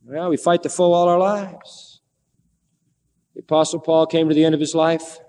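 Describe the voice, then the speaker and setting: A fairly high-voiced man preaches a sermon, retelling a scripture story with lively, animated delivery. He slips into the characters' pleading voices as he goes. His voice rings out with a long hall reverb around it. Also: normal speed.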